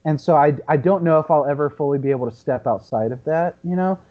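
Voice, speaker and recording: A man in his thirties with a fairly high voice muses over a film as podcast co-host. His audio is dull and lo-fi, and he thinks out loud with frequent stops and restarts. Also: fast. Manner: reflective, thinks aloud with many restarts. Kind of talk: casual movie discussion.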